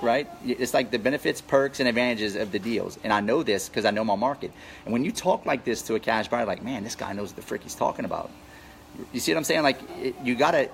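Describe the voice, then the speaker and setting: A man's voice: mid-range voice, a little hiss or hum, poor audio. A man coaching real estate wholesalers in a live Q&A, talking energetically and repeating his key points for emphasis. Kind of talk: live Q&A with viewers.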